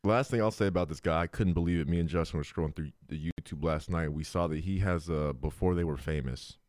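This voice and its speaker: A man's voice: low voice, a little mellow, dry recording, studio quality. A man co-hosting a casual podcast, talking in slang and repeating words as he jumps in. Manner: fast, stammering repeats, slangy. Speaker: podcast co-host. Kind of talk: casual chat.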